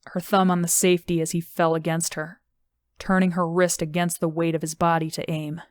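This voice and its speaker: A woman reading an audiobook in a steady, even narration. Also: on the low side, fairly quick, no echo. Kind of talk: scripted narration.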